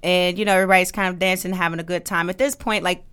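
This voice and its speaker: A woman co-hosting a podcast, telling a story in casual chat, animated and often laughing as she acts out what people said. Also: fairly low pitch, racing, smooth. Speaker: podcast co-host.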